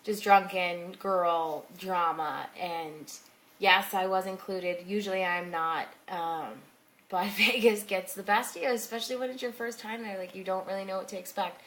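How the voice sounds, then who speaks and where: A woman's voice: medium pitch, steady tone, moderate pace, slight background noise. A young woman telling a rambling personal story in a casual vlog, full of fillers and asides. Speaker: blogger telling personal stories.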